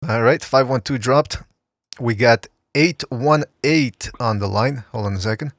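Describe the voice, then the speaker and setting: A man's voice: medium pitch, unhurried, no echo. Guy hosting a call-in show, joking around, dry mic. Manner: jokey, taking calls. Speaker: host. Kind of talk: casual podcast chat.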